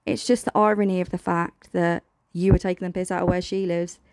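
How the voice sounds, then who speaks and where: A woman's voice: fairly low pitch, little pitch movement, a little fast, darkish tone, slight background noise. A British woman giving blunt, sarcastic reaction commentary as host.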